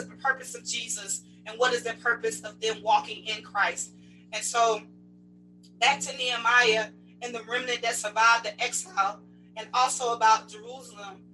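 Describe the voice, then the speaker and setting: A woman's voice: a little high, bright, forceful tone, poor audio. A woman sports chaplain preaching a fervent sermon, reading scripture aloud and swelling and dropping in volume.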